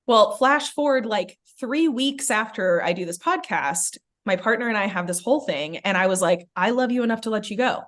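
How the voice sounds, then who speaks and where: Young woman podcast host, chatty storyteller, mid-pitch, voices the people in her stories. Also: fairly quick. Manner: animated, many "like" fillers, acts out quoted lines. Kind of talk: casual storytelling chat.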